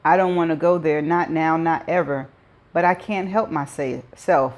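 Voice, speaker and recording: A woman's voice: low voice, steady tone, unhurried, a little mellow. A woman host reading a first-person novel aloud, dropping in her own chatty asides.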